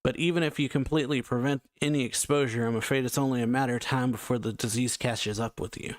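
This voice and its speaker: A man's voice: mid-range voice, steady tone, fast talker, dry recording, studio quality, close to an everyday voice. A man reading the lines of a blunt, grave doctor delivering bad news.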